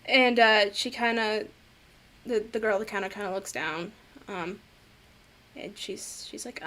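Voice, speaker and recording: A woman's voice: medium pitch, measured pace, pauses often, a bit bright, a little hiss or hum. A woman narrating as game master for a tabletop game, rambling with lots of fillers. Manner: rambling, many fillers, laughs easily.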